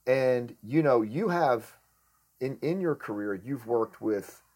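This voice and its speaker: Host: man, mid-pitched voice, casual and rambling, restarts his questions. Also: expressive, slow, a little mellow. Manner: rambling, self-correcting questions. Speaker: podcast host. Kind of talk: casual interview chat.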